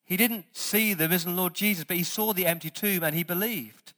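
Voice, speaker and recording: A man pastor preaching a sermon, stressing words loudly and then dropping to quiet asides. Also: high voice, fairly quick. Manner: emphatic preaching, swings between loud stresses and quiet asides.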